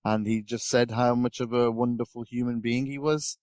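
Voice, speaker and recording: A man's voice: mid-range voice, steady tone, moderate pace, darkish tone, no room sound. A man chatting casually as a podcast pundit, rambling with lots of fillers and restarts. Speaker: guest pundit.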